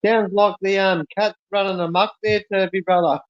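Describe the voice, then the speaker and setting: A man's voice: high-pitched, steady tone, moderate pace, no room sound. An easygoing man chatting as a guest on a livestream. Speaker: stream guest. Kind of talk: casual livestream chat. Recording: dull, dry lo-fi mic.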